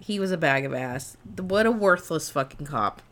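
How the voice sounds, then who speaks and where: A woman with a fairly low voice co-hosts a movie podcast. She talks bluntly and swears freely while giving her opinions. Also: expressive, normal speed, a bit bright. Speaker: podcast co-host. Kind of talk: casual movie chat.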